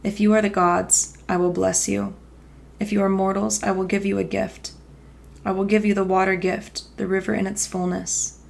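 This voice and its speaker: A woman's voice: medium pitch, level tone, moderate pace, creaky. A woman voicing a goddess queen of the underworld, moaning and groaning in pain. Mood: commanding.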